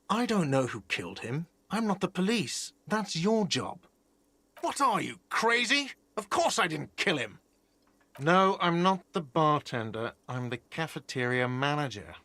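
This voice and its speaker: A man's voice: a little high, a bit bright, dry recording. A man voicing an irritable, defensive male cafeteria manager in a video game, curt and sarcastic.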